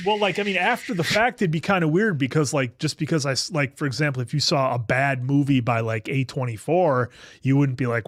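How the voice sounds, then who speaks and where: A man's voice: medium pitch, fairly quick, no echo, studio quality. A man co-hosting a live podcast stream, chatting casually and rambling with lots of fillers. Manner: rambling, many fillers and restarts. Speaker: podcast co-host.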